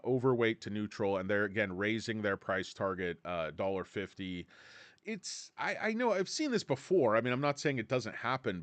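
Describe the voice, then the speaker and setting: A man's voice: fairly low pitch, dry recording. A man hosting a casual stock livestream, ranting sarcastically about analysts and reading chat names. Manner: animated, sarcastic, mocks analysts with put-on voices. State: tired. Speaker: stock commentary livestream host.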